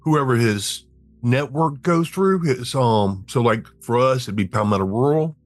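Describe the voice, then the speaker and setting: A man playing in a tabletop game, explaining his plan in a hesitant, halting way. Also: medium pitch, dry recording, faint music behind. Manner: hesitant, halting, clears throat. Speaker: player. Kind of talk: tabletop role-play.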